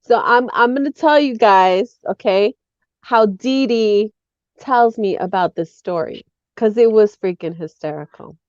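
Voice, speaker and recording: A woman co-hosting a casual talk show, telling stories in an animated way and acting out what people said. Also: medium pitch, unhurried, no room sound. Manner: animated storytelling, acting out quotes. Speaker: co-host. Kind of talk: casual chat. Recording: dull lo-fi audio.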